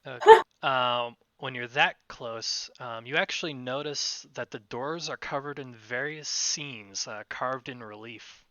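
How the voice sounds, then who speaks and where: A man's voice: medium pitch, measured pace, fairly bright tone, dull audio. A man running a tabletop game as game master, describing scenes with many fillers and a slight lilt.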